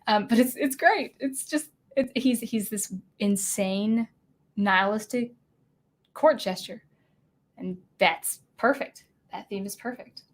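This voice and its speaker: A woman's voice: mid-range voice, slow pace. A young woman from Washington state hosting a casual livestream, chatting in a rambling way with many fillers and restarts. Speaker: livestream host.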